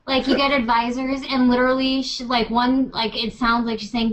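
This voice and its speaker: Bubbly high-voiced woman co-host. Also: normal speed, a little hiss or hum, rough recording. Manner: laughs often, animated mimicry. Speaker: podcast co-host. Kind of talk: casual chat.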